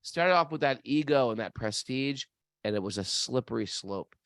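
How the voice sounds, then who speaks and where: An animated man spins a story in casual conversation. His pitch leaps up and down as he acts out the characters. The sound is dry and close. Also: normal speed, dry recording. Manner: animated storyteller, acts out voices in high falsetto. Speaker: podcast co-host.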